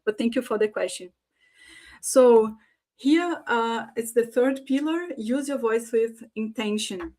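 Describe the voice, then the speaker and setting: A woman's voice: on the high side, a little slow, a little mellow. A woman giving an online conference presentation on voice and leadership, talking with many fillers and acting out sample phrases in different tones. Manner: frequent fillers, demonstrates phrases in varied tones. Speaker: conference speaker.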